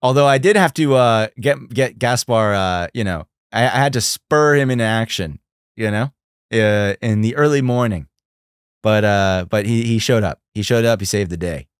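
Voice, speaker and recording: A young man hosting a casual livestream, chatty and animated, talking to his viewers. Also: fairly low pitch, moderate pace, clean tone, no room sound, clean studio sound. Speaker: livestream host.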